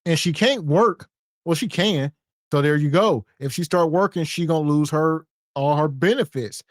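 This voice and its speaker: A man's voice: a little high, normal speed, no room sound, studio quality. A man co-hosting a podcast, explaining things in a wry, matter-of-fact way. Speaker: podcast co-host. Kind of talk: casual podcast commentary.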